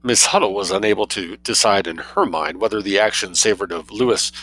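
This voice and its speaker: Lively man reading a story aloud. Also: low voice, no echo, low-quality recording. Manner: lively, expressive reading with casual asides. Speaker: reader.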